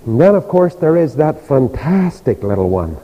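A man's voice: on the high side, sing-song, normal speed, warm tone. An older man with a Northern Irish accent preaching a sermon, telling stories animatedly and acting out the voices of the people in them. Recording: dull reverberant church hall.

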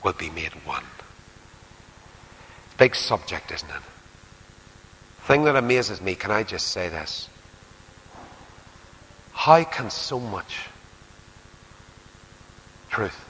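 An older man with a Northern Irish accent preaching a sermon, his low voice ringing through a long hall reverb. He is earnest, pushing some lines hard and dropping others to a hushed near-whisper. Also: a little hiss or hum. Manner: earnest, swings from emphatic to hushed, drops to whispers. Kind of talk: sermon and closing prayer.

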